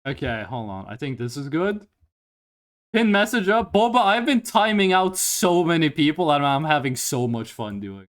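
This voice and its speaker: A man streaming live, chatting casually with viewers, hyped and swearing, reading chat aloud in a voice he pitches higher on stream. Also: very animated, moderate pace.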